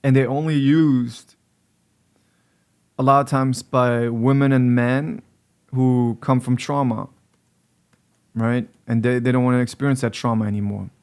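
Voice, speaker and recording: A man's voice: medium pitch, fairly even intonation, a little slow, long pauses, a little mellow, clear, resonant tone. A man giving blunt advice on relationships straight to camera as a coach, lecturing and repeating his points for emphasis. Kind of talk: direct-to-camera advice talk.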